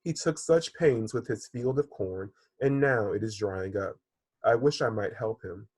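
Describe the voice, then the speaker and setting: A kind little raindrop from a children's storybook speaks gently and earnestly, as a male teacher reads it aloud. The voice is lifted a touch above his normal pitch and stays husky. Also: measured pace, no room sound.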